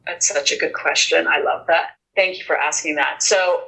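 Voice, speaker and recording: A woman's voice: deep voice, normal speed, gravelly, low-quality recording. Earnest woman telling her story. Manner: earnest, animated retelling with quoted dialogue. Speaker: guest. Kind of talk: conversational storytelling.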